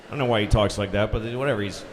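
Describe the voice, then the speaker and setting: A man's voice: fairly low pitch, racing. A man from Boston doing a crude, blunt stand-up comedy set on stage in a large concert hall. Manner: blunt, crude, exasperated rants. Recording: live theater recording with audience noise.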